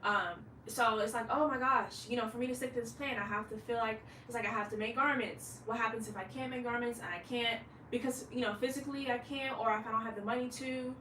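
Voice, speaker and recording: A woman's voice: a little high, fairly even intonation, a little fast, hardly any pauses, bright, forceful tone, echoey room, distant mic, a little hiss or hum, low-quality recording. A woman in her late twenties, a fashion designer, talking candidly in a rambling vlog monologue and swearing freely. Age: late 20s.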